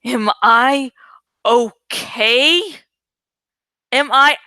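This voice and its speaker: A woman voicing a tormented male schoolteacher who shouts and cries out in anguish while possessed. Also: fairly high pitch, extremely slow, clear, resonant tone, dry recording, heavily acted, poor audio. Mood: angry shouting.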